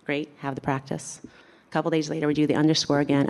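A woman telling a personal story in a candid, animated way, acting out what other people said. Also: low voice, quick pace. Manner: candid, animated, acts out quoted voices.

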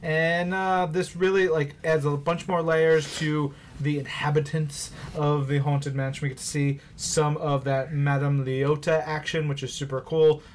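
A man's voice: fairly high pitch, level tone, measured pace, few pauses, slight background noise. A man co-hosting a podcast, loosely recapping comics in a chatty, joking way with lots of fillers. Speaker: podcast co-host. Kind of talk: casual comic book review chat.

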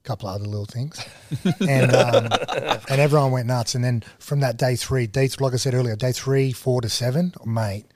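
Animated Australian man telling stories. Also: medium pitch, a little fast, no echo. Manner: animated storyteller, mimics others in dialogue. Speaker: guest. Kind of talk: casual storytelling interview.

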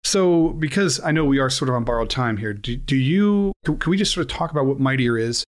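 Relaxed man hosting an interview. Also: medium pitch, fairly quick. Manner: relaxed, hesitant, many fillers. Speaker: podcast host. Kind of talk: casual interview. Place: home during lockdown.

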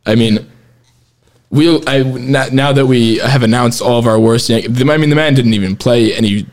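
A man's voice: medium pitch, moderate pace, a little mellow. A man hosting a casual podcast chat, rambling and restarting his sentences, laughing often as he runs the segments. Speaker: podcast host.

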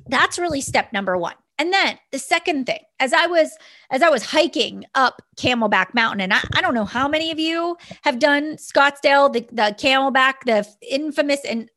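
Woman, young adult, business mentor, motivational talk, earnest, slightly high-pitched. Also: bright, forceful tone. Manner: earnest storytelling, many restarts.

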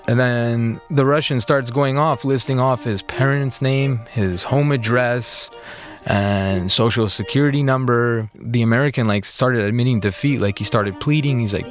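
A man being interviewed, retelling events in a fast, animated way with many fillers. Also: medium pitch, soft background music. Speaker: interview guest. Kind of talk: casual storytelling interview.

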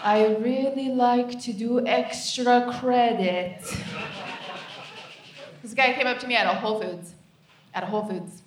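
A woman from the United States performing stand-up comedy on a live stage, with deadpan, repeated punchlines. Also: a little high, unhurried, long pauses. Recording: echoey live venue, distant mic, noise.

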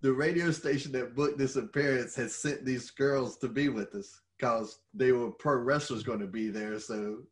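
A middle-aged man telling stories in casual chat, animated and swearing freely. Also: mid-range voice, normal speed, hardly any pauses. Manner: animated storyteller who swears freely and laughs at his own stories. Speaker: podcast co-host and former wrestler.

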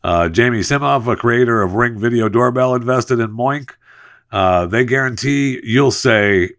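A man's voice: medium pitch, expressive, fairly bright tone. A man hosting a podcast, reading an ad and chatting about the news in a jokey, chatty way. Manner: chatty, jokey, drawn-out emphasis. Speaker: podcast host. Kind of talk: casual host-read ad and news chat.

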